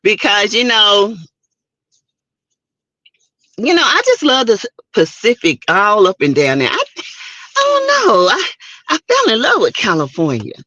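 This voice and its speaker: A woman's voice: medium pitch, wildly swooping pitch, unhurried, pauses often, pushed and bright, no room sound, muffled recording. A woman hosting a casual morning livestream, chatting and greeting viewers by name. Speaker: livestream host. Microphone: streaming setup mic.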